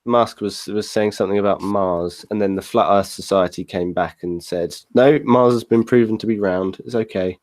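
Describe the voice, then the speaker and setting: A man's voice: on the low side, fairly even intonation, moderate pace, few pauses, a little mellow, dry recording. A man joking hesitantly with friends on a video call. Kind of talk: casual video-call chat.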